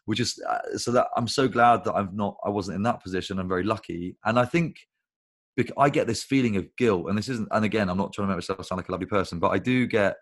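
A man with a very deep, low voice talks casually on a video call interview. He rambles through animated stories, swears freely and keeps things conversational. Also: quick pace. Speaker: guest, recruitment business founder.

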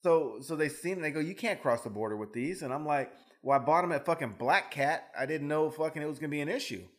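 A man's voice: a little high, animated. A man co-hosting a podcast, telling his own stories in casual chat with plenty of swearing. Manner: fast, profane storyteller. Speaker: podcast co-host.

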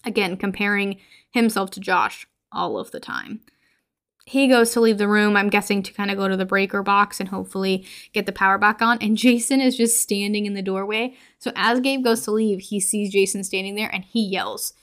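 A woman's voice: medium pitch, fairly even intonation, moderate pace, a bit bright. A woman hosting a horror podcast walks through a film's plot in a casual, chatty recap. She talks loosely, peppering her lines with filler words.

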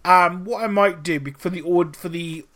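A man on a casual podcast spins animated, profanity-laced anecdotes. His voice sits a touch high for a man. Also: normal speed. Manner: animated storytelling, heavy swearing. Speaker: podcast co-host. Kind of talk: casual chat.

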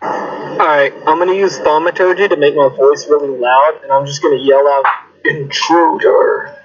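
A man with a slightly high voice plays a tabletop game with friends, eagerly laying out his character's moves. He asks rules questions in a casual, offhand way. His voice chat audio sounds dull and lo-fi. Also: steady tone, a little fast, husky. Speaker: player.

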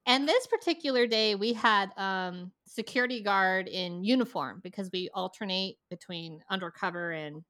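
A woman telling a story in a loose podcast chat, animated and quick to swear. Her voice is bright and sharp. The recording is dry and close. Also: mid-range voice, no room sound. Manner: animated, laughing, profane. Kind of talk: casual storytelling.

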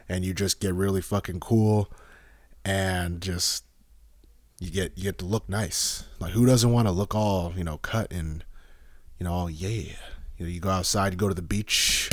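A young man hosting a podcast, chatting casually in a rambling, profane, animated way and laughing often. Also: low voice, no room sound. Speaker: podcast host.

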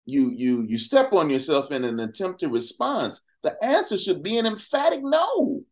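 A man's voice: fairly high pitch, big pitch swings, normal speed. A man talking as a podcast guest in an impassioned, conversational way, firing off rhetorical questions between casual fillers and asides. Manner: emphatic, fires off rhetorical questions.

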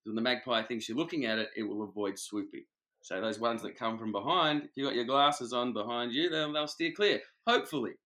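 A man's voice: mid-range voice, brisk, pushed and bright. A man chatting on a podcast, explaining things matter-of-factly with dry jokes. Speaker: podcast co-host. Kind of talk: casual chat.

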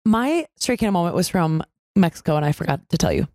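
A young woman co-hosting a podcast, chatting casually and acting out quoted lines in a higher voice as she tells stories. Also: quick pace, dry recording, clean studio sound. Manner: animated storyteller, acts out quotes in a higher voice. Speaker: podcast co-host. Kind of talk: casual chat.

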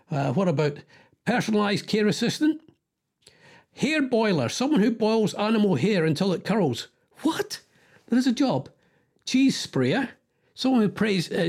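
A middle-aged Scottish man hosting a radio show, chatting casually and rambling as he thinks aloud. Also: high-pitched. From Scotland. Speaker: radio host. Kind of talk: casual chat.

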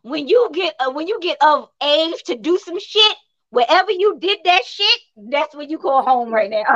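A woman from Brooklyn tells blunt, animated stories in a casual chat. Her voice is high and bright. The sound is a little dull and lo-fi. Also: moderate pace, no room sound. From Brooklyn, New York. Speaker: co-host.

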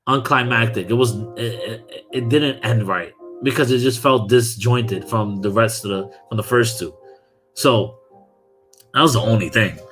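Bright-voiced, profane Brooklyn man. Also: medium pitch, unhurried, faint music behind. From Brooklyn, New York. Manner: profane, animated, laughing often. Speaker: podcast host. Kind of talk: casual chat.

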